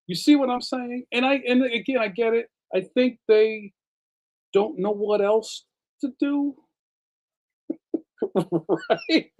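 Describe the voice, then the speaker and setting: A man's voice: very high-pitched, very animated, takes it slowly, long pauses, a little mellow. A man hosting a casual livestream, a cartoonist telling rambling stories full of slang, laughing often and reading out viewer comments.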